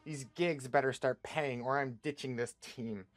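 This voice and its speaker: A man's voice: medium pitch, unhurried, voice pushed down, natural voice. A man voicing a cynical, sarcastic male villain who grumbles about money and calls himself a psychopath. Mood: grumbling. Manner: sarcastic, snappish, deadpan.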